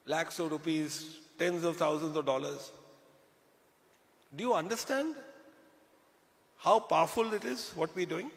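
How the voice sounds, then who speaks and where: A man's voice: sits high, creaky. A man with an Indian English accent giving a chatty, joking motivational business talk to a live crowd. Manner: chatty, jokey, addresses the crowd. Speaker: business speaker. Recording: hall reverb.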